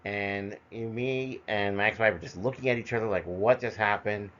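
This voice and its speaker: A middle-aged man with a fairly low voice tells personal stories in a rambling, conversational way, full of fillers and restarts. The recording is dull and lo-fi, and the highs sound muffled. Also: moderate pace, a bit bright. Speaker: storyteller. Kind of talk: personal storytelling monologue.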